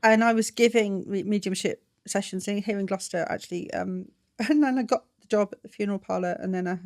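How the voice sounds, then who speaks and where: A woman's voice: mid-range voice, fast, no echo, studio quality. A woman with an English accent, a guest on a podcast, telling stories casually and acting out what people said. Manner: animated anecdote teller, acts out quotes. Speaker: guest, celebrant.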